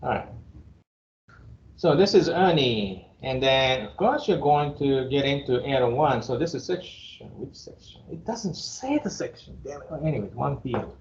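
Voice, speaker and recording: A man's voice: medium pitch, animated, normal speed, slight background noise. A Japanese-accented man in his fifties lectures to a class, blunt and joking, with chuckles between his remarks. His voice carries through a reverberant room. The recording sounds somewhat dull and muffled. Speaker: engineering professor.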